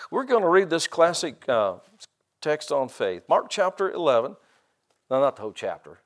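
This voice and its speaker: A middle-aged man preaching a sermon, stretching out scripture quotes for emphasis and tossing casual asides to the congregation. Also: on the high side. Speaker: pastor.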